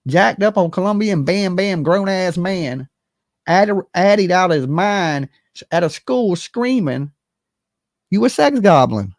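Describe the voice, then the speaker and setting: A livestream host giving animated, blunt and profane commentary, talking straight to the chat and opening call-in lines. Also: medium pitch, no room sound, clean studio sound. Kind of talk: live-stream commentary with call-ins.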